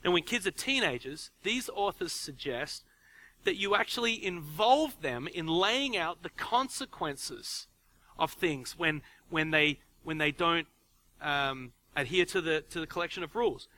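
A man in his forties delivers a sermon in a relaxed, talky way, stumbling over and repeating his words as he goes. His voice sits a little high for a man and rings bright and forceful. He slips into little acted-out quotes of parents talking to their kids. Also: a little slow, low-quality recording. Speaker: pastor.

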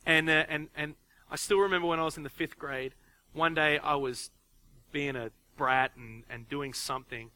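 Bright-voiced man preaching conversationally. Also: fairly high pitch, fairly even intonation, normal speed, rough recording. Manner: conversational, repeats and restarts words, acts out quoted parents. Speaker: pastor. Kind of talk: sermon.

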